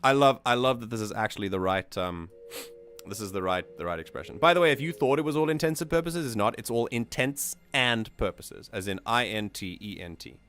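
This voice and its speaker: A man's voice: lowish voice, fast. South African man reading a story aloud. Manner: animated, excitable asides between steady narration. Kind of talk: story reading with casual commentary.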